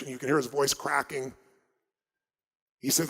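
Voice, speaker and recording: An American man telling stories at a motivational seminar, emphatic and dramatic, swinging between loud and hushed delivery. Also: on the high side, level tone, slow, long pauses. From United States. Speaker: motivational speaker. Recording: long reverb of a large hall.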